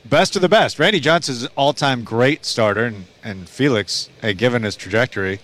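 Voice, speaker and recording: A man's voice: medium pitch, normal speed, fairly bright tone. Easygoing man talking baseball. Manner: easygoing, laughs readily. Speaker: sports radio analyst. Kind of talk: casual sports chat.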